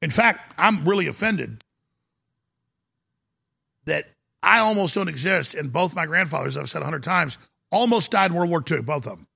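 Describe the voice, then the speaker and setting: A man's voice: on the high side, lively intonation, moderate pace, creaky, pauses often, pushed and bright, husky. A middle-aged man hosting a political talk show, ranting emphatically and calling his listeners folks.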